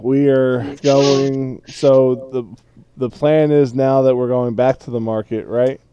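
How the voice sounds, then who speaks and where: Mellow-voiced male game master. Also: medium pitch, steady tone, slow pace, muffled recording. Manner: narrates, then scolds in a gruff, mock-angry way. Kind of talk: narrating a tabletop game.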